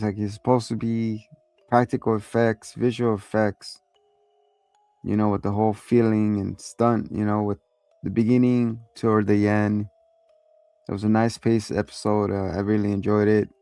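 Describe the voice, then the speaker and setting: A man's voice: lowish voice, mellow, clear, resonant tone, no room sound. A man hosting a casual episode recap, loose and profane, acting out quotes along the way. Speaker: host.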